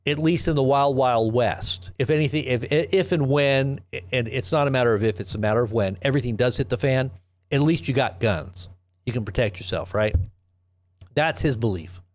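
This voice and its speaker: A man's voice: medium pitch, animated, moderate pace. A man hosting a live commentary stream, talking in a rambling, sarcastic way with frequent restarts and rhetorical questions. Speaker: host of a live news commentary channel.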